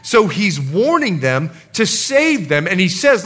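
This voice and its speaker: Guy preaching a sermon, high lively voice, acts stuff out. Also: a little slow, few pauses. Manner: animated, acts out scenes and quotes. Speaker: pastor.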